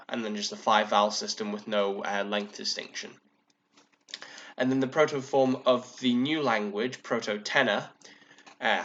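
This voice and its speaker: A man's voice: mid-range voice, fairly bright tone, lo-fi sound. A man co-hosting a podcast, explaining things in a casual chat, with frequent ums and restarts. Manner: hesitant, many ums and restarts. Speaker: podcast co-host.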